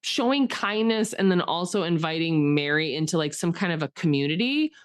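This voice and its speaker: A chatty woman with a fairly low voice co-hosts a casual podcast. She rambles, leaning on fillers, and turns emotional and enthusiastic as she talks. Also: lively intonation, fairly quick, clear, resonant tone. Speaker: podcast co-host. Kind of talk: casual chat.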